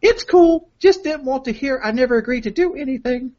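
Guy putting on a high girly voice for a short-tempered young woman, flat and clipped, lo-fi. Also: fairly quick. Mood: curt. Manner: flat clipped replies in a falsetto. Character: texting young woman, curt and evasive.

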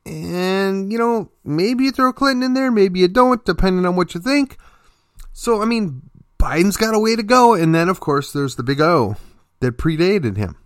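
Emphatic male host, somewhat high voice, sarcastic opinion monologue. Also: normal speed, dry recording, clean studio sound. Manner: emphatic, lively, sarcastic asides. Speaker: political commentary host.

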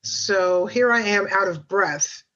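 On a podcast, a female guest tells a personal story in a loose, wandering, conversational way, peppered with filler words and side comments. Her mid-range voice is slow-paced and slightly bright, heard over a somewhat muffled, low-fidelity line.

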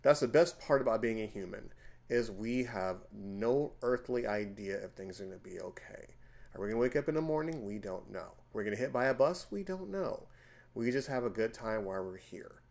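A man in his forties hosting a casual podcast chat, telling stories with loud, emphatic bursts. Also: fairly low pitch, brisk, vocal fry. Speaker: podcast host.

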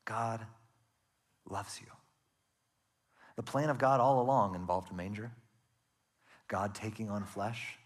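Husky guy preaching, earnest, goes soft and hushed on the big lines. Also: on the low side, normal speed. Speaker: pastor. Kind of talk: sermon.

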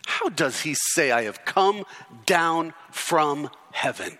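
Animated, bright-voiced male preacher. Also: takes it slowly. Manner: emphatic preaching with repeated rhetorical questions and sudden drops to low intensity. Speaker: pastor. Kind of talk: expository sermon.

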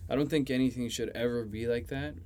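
A man's voice: mid-range voice, fairly even intonation, quick pace, darkish tone, a little hiss or hum. A young man, a chef, talking casually on a podcast, swearing freely and leaning on "you know". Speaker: chef guest.

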